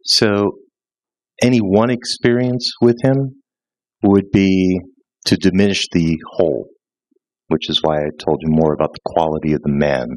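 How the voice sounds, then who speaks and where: A man with a very low, deep voice speaks in a measured, reflective way to an audience. The sound is dry and close, with little room around it. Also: no echo, low-quality recording. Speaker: panel speaker.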